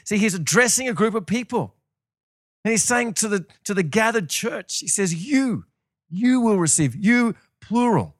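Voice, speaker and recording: Animated male preacher, lively pitch. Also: dry recording, clean studio sound. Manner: animated storytelling with acted-out voices. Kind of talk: sermon.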